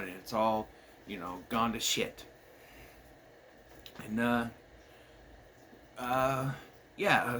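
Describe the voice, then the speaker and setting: A man's voice: mid-range voice, a bit bright, a little hiss or hum. Rambling man recapping a movie. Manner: rambling, many fillers and restarts. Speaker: movie reviewer. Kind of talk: casual spoken movie recap. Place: home with his dog asleep nearby.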